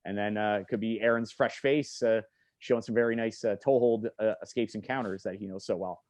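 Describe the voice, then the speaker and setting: A man's voice: lowish voice, steady tone, a little fast, a little mellow, no room sound. A man hosting a casual podcast, rambling and joking with a lot of fillers. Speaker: podcast host.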